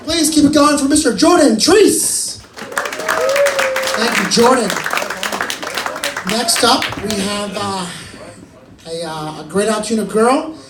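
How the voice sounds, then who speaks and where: A man emceeing at a comedy club, introducing the next comic with halting pauses. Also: high-pitched, animated, a crowd in the background. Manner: halting announcer with filler pauses. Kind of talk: stage introduction. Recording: roomy, noisy club sound from a distance.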